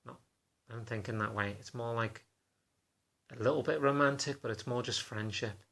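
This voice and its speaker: A man talking to camera in a confessional vlog, halting and self-conscious in a subdued, low-key way. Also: gravelly, fairly bright tone. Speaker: vlogger.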